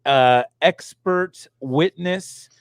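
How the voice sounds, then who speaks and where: A middle-aged man hosting a podcast, joking and excitable, often restarting his sentences. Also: on the high side, drawn-out words, smooth, no echo. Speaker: podcast host. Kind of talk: casual chat.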